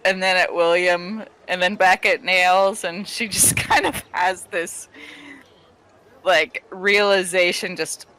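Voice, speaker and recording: Animated female tabletop player, bright and giggly, takes her time. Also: lowish voice, takes it slowly, rough recording. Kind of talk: narrating her character's actions.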